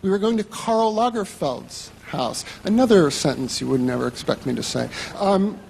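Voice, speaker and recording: A man's voice: high voice, lively intonation, moderate pace, creaky, a little mellow, long reverb tail, a little hiss or hum. A man telling a story on stage to an audience, in a wry, profane, self-mocking way.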